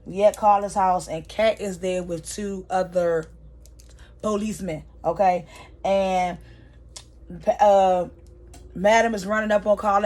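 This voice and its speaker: A woman's voice: medium pitch, steady tone, a little slow, long pauses, a little mellow. Chatty woman recapping a show. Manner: retells scenes by quoting characters, chatty, addresses viewers as y'all. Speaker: vlogger recapping a TV episode. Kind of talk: casual story recap.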